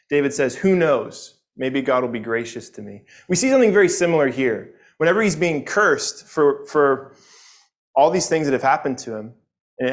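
A man teaching a Sunday morning Bible lesson, earnest and conversational, often repeating words as he goes. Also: a little high.

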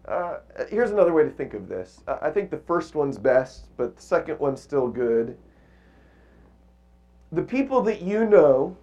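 A man's voice: a little high, darkish tone. Man teaching a conversational Bible sermon. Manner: conversational, asks the audience questions, reads scripture aloud. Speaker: preacher. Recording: muffled lo-fi recording.

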